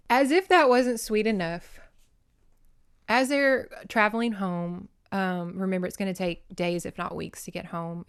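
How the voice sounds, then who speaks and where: A woman's voice: mid-range voice, smooth. A woman hosting a podcast, chatting casually about a book, emotional and teary, swearing often and breaking into tearful laughter. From United States. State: teary, crying. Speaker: podcast host reviewing a book. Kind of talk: casual chat.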